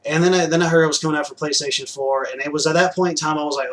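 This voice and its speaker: A man's voice: on the high side, rapid-fire, hardly any pauses, a bit bright, rough recording. Rambling chatty young man. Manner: loose and chatty, many fillers, restarts and "to be quite honest", casual swearing. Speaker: gaming vlogger showing new purchases. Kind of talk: rambling casual vlog chat.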